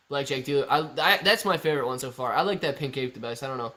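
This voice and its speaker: A man's voice: mid-range voice, lively intonation, quick pace, hardly any pauses, pushed and bright. A man hosting a casual live stream, chatting and joking as he reads viewer comments aloud.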